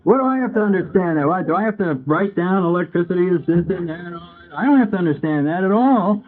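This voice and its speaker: A man's voice: high voice, animated, fast talker. Man sharing his recovery story at a meeting, chatty, acts out old conversations; lo-fi tinny tape. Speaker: AA speaker.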